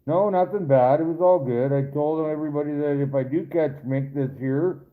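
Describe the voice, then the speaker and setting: This streamer has a fairly high voice and speaks at normal speed, chatting with viewers as he reads their comments. He rambles, swears, and addresses them directly, and the sound is tinny and phone-like.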